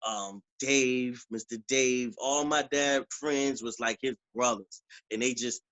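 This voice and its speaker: A man's voice: medium pitch, takes it slowly, dry recording, rough recording. Slangy, laid-back man talking. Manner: relaxed slangy talk, frequent "you know what I'm saying". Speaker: author and preacher. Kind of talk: casual conversational interview.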